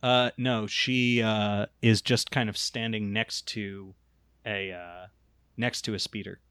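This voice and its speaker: Low-voiced hesitant game master. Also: male voice, steady tone, takes it slowly, fairly bright tone, clean tone, no echo, rough recording. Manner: hesitant, many fillers. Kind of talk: narrating a tabletop game.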